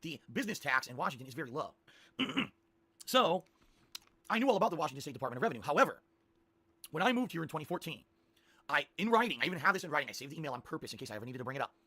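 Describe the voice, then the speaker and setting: A man telling a long rambling story to his stream viewers, animated and repeating himself. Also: fairly high pitch, racing, long pauses, slightly rough, dry recording.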